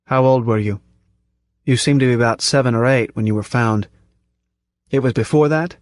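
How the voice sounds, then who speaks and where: A man voicing a grizzled older man who speaks softly but firmly. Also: medium pitch, moderate pace, no echo, close to an everyday voice. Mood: gentle. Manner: soft-spoken, firm commands. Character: grizzled old man, calm and firm.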